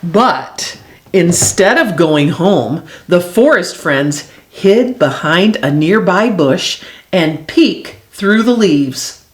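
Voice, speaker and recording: A woman reading a children's animal story aloud in an expressive, sing-song way. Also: on the low side, slow pace.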